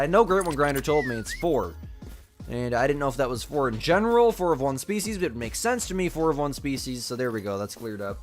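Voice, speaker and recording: Male game streamer, young adult, laid-back live commentary, answers chat, slight cough. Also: medium pitch. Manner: casual, reads and answers chat aloud.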